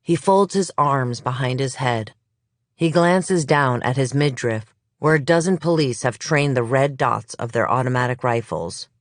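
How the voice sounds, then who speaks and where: A narrator reads a suspense audiobook slowly and evenly, in a measured storytelling voice of middle pitch. The sound is dry and close, with no room echo. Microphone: close studio mic.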